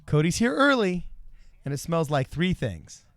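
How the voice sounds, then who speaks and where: A man's voice: a little high, sing-song, measured pace, a bit bright. A man co-hosting a casual political live stream, joking around and reading viewer comments aloud. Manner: jokey, reads chat comments aloud. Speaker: co-host.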